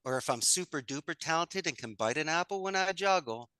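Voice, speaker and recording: An upbeat man chatting as a podcast guest, his voice bright and forward. He leans on folksy sayings and easy humor. The sound is dry and close, with no room around it. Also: on the high side, animated, fairly quick, clear, resonant tone, no echo. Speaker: podcast guest, call center owner. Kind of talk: conversational interview.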